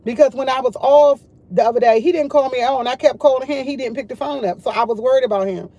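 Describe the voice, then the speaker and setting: A woman's voice: high-pitched, quick pace, dark tone, no echo, dull audio. A woman hosting a casual morning livestream, chatting and rambling directly to her viewers. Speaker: livestream host.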